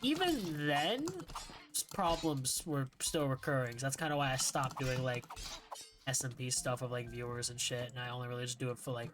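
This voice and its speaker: A man's voice: mid-range voice, level tone, brisk, music in the background. A young man streaming a game, chatting casually, rambling and swearing often as he gets frustrated. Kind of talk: casual gaming livestream chat.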